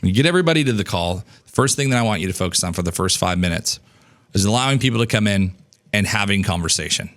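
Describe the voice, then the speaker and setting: A man in his thirties teaching business coaching in an energetic, casual way, acting out snippets of dialogue and swearing now and then. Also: quick pace. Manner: animated, acts out dialogue in a higher voice, casual swearing.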